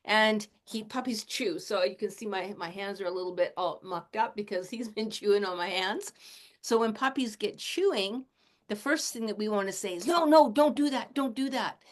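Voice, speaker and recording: A woman in her late sixties, a shamanic teacher, talking in a gentle, casual teaching manner and chuckling often. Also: medium pitch, moderate pace. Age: 60s. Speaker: shamanic teacher and animal communicator.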